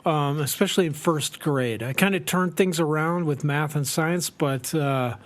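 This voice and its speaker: A man from Colorado co-hosting a comedy podcast, telling dry, deadpan jokes. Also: fairly high pitch, moderate pace. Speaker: podcast co-host. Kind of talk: casual comedic chat.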